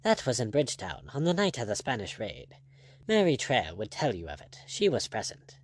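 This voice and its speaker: Brief: man doing a proud Irish pirate captain, sardonic and lively in pitch. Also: normal speed, no room sound. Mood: cold. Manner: sardonic, brogue-laced retorts.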